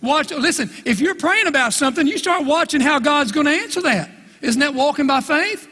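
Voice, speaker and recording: A man's voice: extremely high pitch, expressive, fairly quick, pushed and bright, long reverb tail. A man preaching a sermon as pastor, folksy and emphatic, often pressing the crowd with "listen" and "right?". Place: church sanctuary.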